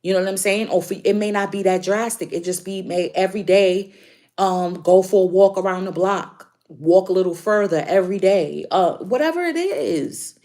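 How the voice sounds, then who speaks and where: A woman's voice: medium pitch, normal speed, a little mellow. A woman doing a casual spiritual tarot reading for her viewers, chatty and emphatic, repeating key points. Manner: chatty, emphatic repetition, frequent laughs. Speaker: tarot reader.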